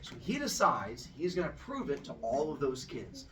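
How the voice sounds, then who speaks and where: A man telling a myth as a comic story, animated and jokey, acting out each character. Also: a little high, normal speed. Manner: animated, jokey, acts out every voice. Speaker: podcast storyteller. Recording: distant mic with faint noise.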